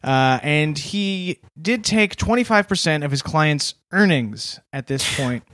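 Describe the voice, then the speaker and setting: A man with a somewhat high voice hosts a casual podcast, walking his co-hosts through a story from his notes. He keeps things loose and chatty, laughing between points. The sound is dry and close. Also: animated, a little slow, fairly bright tone, dry recording. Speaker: podcast co-host presenting research.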